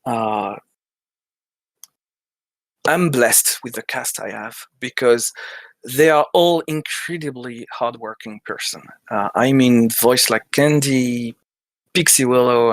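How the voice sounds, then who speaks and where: A man's voice: medium pitch, measured pace, fairly bright tone, no room sound. A man from France with a French accent, an indie game developer chatting in an interview, hesitant with many restarts and laughter. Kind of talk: casual interview chat.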